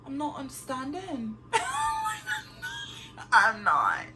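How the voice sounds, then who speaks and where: A woman chatting to camera in an animated way, reviewing a reality show and laughing often. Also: on the high side, moderate pace, over loud music. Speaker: vlogger reviewing TV shows. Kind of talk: casual chat to camera.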